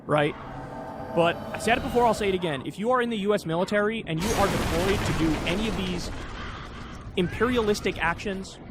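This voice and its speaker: A man's voice: high voice, a little fast, noisy background. A man ranting as a political commentator, impassioned, emphatic and profane. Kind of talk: online political rant. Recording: loud background music. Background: loud music.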